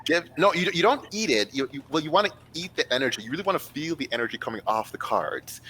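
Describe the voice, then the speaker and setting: A man's voice: on the high side, expressive, quick pace, sharp tone, a little hiss or hum, low-quality recording. A man narrating a tabletop game as game master in a loose, casual way full of fillers.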